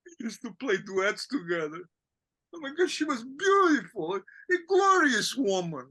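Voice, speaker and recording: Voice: mid-range voice, big pitch swings, measured pace, gravelly, sharp tone, breathy edge, exaggerated voice. An actor reading the part of a bitter, mocking aging count who laughs at himself and breaks into tears, in an amateur play reading. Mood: tearful.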